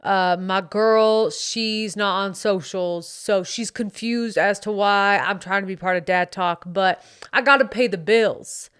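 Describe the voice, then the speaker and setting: Lady putting on a swaggery young bro dad guy, slight southern twang, bragging and slangy, smooth clean voice. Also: medium pitch, animated, normal speed, pauses often, a bit bright, no echo, studio quality. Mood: braggy. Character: cocky young male dad influencer bro. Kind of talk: comedic character monologue.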